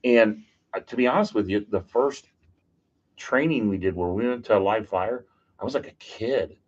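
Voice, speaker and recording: A man, a podcast guest, telling stories in a casual, animated, joking way and acting out what people said. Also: on the low side, moderate pace. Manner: animated, jokey, acts out quotes. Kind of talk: casual storytelling. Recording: dull lo-fi podcast audio.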